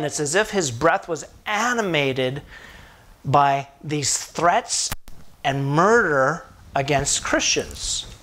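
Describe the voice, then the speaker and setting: Male pastor, middle-aged, sermon, lively storytelling, asks the crowd questions, fairly high pitch. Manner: animated storytelling preacher, asks the congregation questions.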